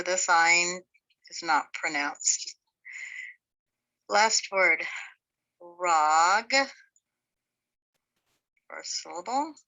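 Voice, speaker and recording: A woman's voice: lowish voice, bright, forceful tone, lo-fi sound. A woman teaching a beginners' language class, patiently sounding out words syllable by syllable. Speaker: Hebrew teacher. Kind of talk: slow spoken language lesson.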